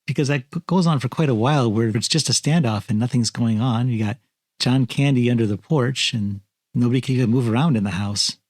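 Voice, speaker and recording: A man co-hosting a film podcast, talking in a measured, matter-of-fact way with dry humor. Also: mid-range voice, a little mellow, dry recording. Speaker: podcast co-host. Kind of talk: casual film review chat.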